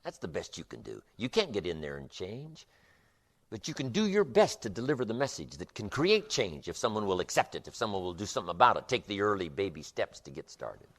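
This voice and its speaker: Emphatic motivational speaker, lively low voice. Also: male voice, fairly quick. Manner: emphatic, repetitive, rhythmic delivery. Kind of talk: motivational seminar lecture.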